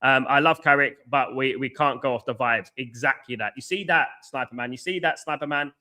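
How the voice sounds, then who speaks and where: A man's voice: mid-range voice, fairly quick, sharp tone. A middle-aged man hosting a live football watchalong, reading out viewers' chat messages and arguing back bluntly. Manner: blunt, argumentative, reads out and scolds chat viewers. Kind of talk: live match reaction and chat banter.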